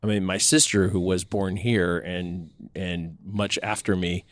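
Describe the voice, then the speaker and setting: A man with a fairly low voice talks through his ideas in a casual podcast conversation, sorting them into categories. His delivery is measured, and the recording is dry and close. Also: fairly even intonation, no room sound. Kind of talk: casual chat.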